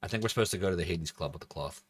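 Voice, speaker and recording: A man's voice: low-pitched, very fast, slight background noise. A man casually commentating as he streams a video game, thinking aloud and joking as he plays. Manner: chatty, thinks aloud, jokey.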